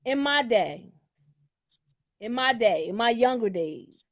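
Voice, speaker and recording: A woman's voice: fairly high pitch, lively intonation, slow, no echo, highs cut off. A middle-aged woman in casual chat, talking in a blunt, outspoken and emphatic way.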